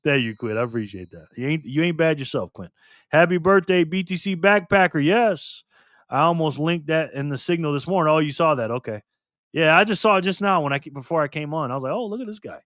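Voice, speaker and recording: A man's voice: on the high side, expressive, fairly quick, a bit bright, no echo, clean studio sound. Laid-back man hosting a live stream. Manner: laid-back, chatty, laughs often, greets viewers. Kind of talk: casual live-stream chat.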